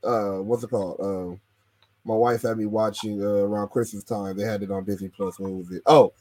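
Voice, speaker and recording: A man's voice: lowish voice, fairly even intonation, a little fast, a little mellow, dry recording. A man co-hosting a casual wrestling podcast, rambling with slang and many fillers. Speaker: podcast co-host.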